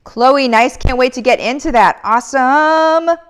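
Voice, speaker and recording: A woman's voice: fairly high pitch, moderate pace. Upbeat woman hosting a live Q&A. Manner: upbeat and effusive, motivational. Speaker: live Q&A host. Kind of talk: casual live-stream chat reading comments.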